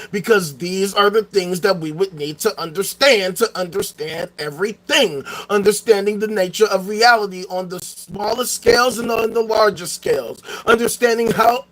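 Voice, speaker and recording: A man with a high, bright voice holds forth alone on his show. His talk is profane and excitable, and it often flares into shouting. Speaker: podcast host. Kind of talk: solo philosophical rant.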